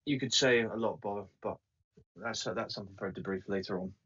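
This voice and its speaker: A man's voice: lowish voice, steady tone, fairly quick, a bit bright, breathy edge. A man playing in a tabletop game, easygoing and a bit hesitant, on a muffled, distant voice-chat mic. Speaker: player. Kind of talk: casual tabletop play.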